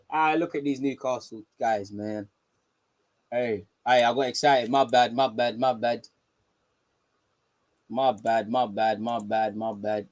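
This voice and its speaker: A young man hosting a live football watchalong, talking in slang and swinging from low muttering to excited shouts. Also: a little slow. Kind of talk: live match reaction commentary.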